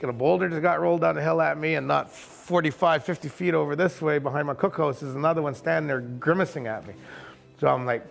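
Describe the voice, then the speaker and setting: A man who runs a kayak camp and tour boat, telling a first-person story in a vivid, colloquial way with quick asides. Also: a little high, creaky, soft background music.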